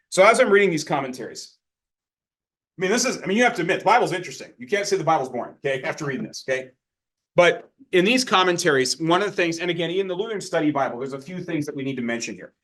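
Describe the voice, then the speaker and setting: A man with a slightly higher voice leads a Bible study in an informal, chatty manner. He stops often to ask whether his listeners follow him. He sounds like a pastor talking through a passage with a small group. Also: fairly bright tone. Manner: conversational, checks in with the listeners often. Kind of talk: informal sermon teaching.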